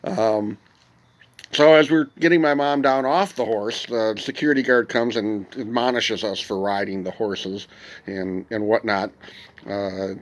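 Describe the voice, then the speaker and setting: A middle-aged man hosting a podcast, telling a personal story in a casual, meandering way with frequent pauses. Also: fairly low pitch, fairly even intonation. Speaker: podcast host.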